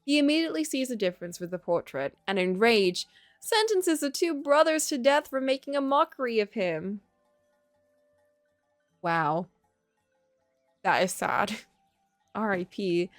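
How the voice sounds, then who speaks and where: Faint music plays behind this studio-quality recording with no room sound, where a woman with a fairly high voice speaks unhurriedly and pauses often. Live-streaming a game, she reads its text aloud and chats casually, lively and talkative, with frequent laughter and reactive gasps.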